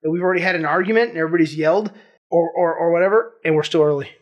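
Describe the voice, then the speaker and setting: A man with a notably high speaking voice, co-hosting a casual podcast. He tells his stories with animation and keeps laughing through them. His talk is loose and conversational. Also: very fast, dull audio. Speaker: podcast co-host. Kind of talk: casual chat.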